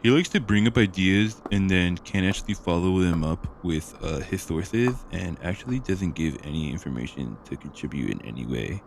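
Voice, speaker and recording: Deep gravelly young man, rambling chat. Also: animated, moderate pace, few pauses, slight background noise. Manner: rambling, loose, lots of fillers and slang. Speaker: podcast co-host. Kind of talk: casual chat.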